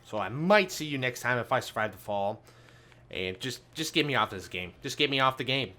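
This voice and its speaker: A man giving live commentary on a racing game, grumbling and ranting, swinging from low muttering to loud outbursts. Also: expressive, brisk. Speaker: gaming video host. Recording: game engine noise behind voice. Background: racing game car sounds.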